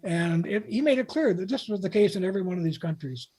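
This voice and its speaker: A man's voice: sits high, animated, quick pace, dark tone. Older man telling rambling anecdotes. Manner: rambling anecdotal storytelling with restarts. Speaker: guest, author. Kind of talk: casual interview talk.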